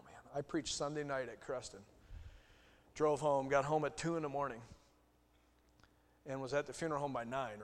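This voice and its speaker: A man preaching a sermon as a Baptist pastor, telling stories in a relaxed, conversational way and acting out quoted voices. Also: mid-range voice. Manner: conversational storytelling, animated acted quotes. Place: church sanctuary. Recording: long reverb of a church hall.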